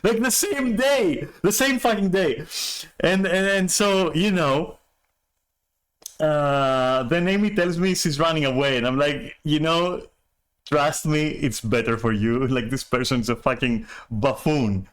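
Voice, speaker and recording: A man's voice: on the high side, a little slow, a bit bright, clean tone. A man telling a story on a stream in a rambling, profane way, full of restarts and chuckles. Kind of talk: casual storytelling rant.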